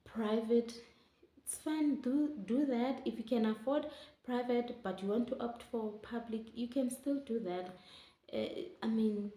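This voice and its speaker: A woman's voice: medium pitch, dark tone. A young woman telling her story to camera in a chatty, emotional way, often calling her viewers guys. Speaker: vlogger. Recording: roomy echo.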